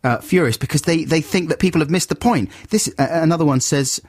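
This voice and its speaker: A man's voice: on the high side, brisk, darkish tone, no room sound, clean studio sound. A man hosting a radio show, talking animatedly in a mock-outraged, chuckling way. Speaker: radio host. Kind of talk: casual radio banter. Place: radio studio.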